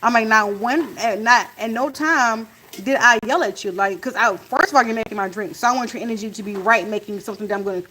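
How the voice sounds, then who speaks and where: A woman in a casual storytime chat, retelling events in an animated way and acting out what was said, while cooking in her home kitchen. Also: fairly high pitch, fast, a little hiss or hum, low-quality recording. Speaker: family vlogger. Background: faint sizzle of frying food.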